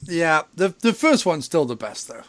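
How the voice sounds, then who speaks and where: Sweary, animated host, dry sound. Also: male voice, on the high side, normal speed, no echo. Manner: sweary, animated, laughs often. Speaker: podcast host. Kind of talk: casual chat.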